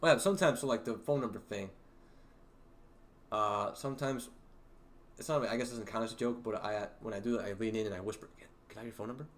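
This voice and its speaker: A young man with a fairly low voice hosts a casual livestream. He talks in a rambling, halting way, full of fillers and restarts, and chuckles at his own jokes. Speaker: livestream host. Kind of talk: casual storytelling to a livestream chat.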